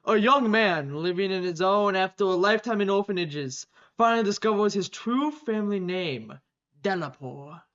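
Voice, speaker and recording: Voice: medium pitch, normal speed. A podcast co-host in casual chat, playful and defensive, with trouble on R sounds, on a slightly dull recording. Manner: playful, defensive, deadpan repeats. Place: recording room in Boston.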